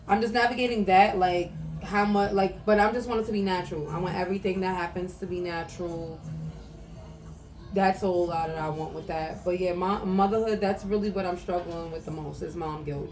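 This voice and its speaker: A young woman hosting her own podcast, talking candidly and emotionally about her life, with lots of "like" fillers and some swearing. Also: on the low side. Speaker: podcast host. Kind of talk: casual personal monologue.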